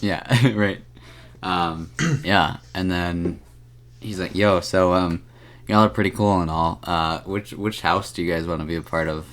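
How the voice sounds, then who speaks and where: Laid-back deep-voiced young man improvising. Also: steady tone, measured pace, a bit bright. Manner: laid-back, swears casually, narrates in slangy voices. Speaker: podcast co-host. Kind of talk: improvised comedic storytelling.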